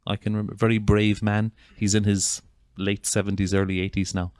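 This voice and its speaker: A man with an Irish accent speaks earnestly and from the heart, addressing an audience in an informal talk. His voice sits fairly low, and he often restarts his phrases. The sound is close and dry, with no room echo. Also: little pitch movement, brisk, darkish tone. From Ireland. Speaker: gestalt psychotherapist giving a talk.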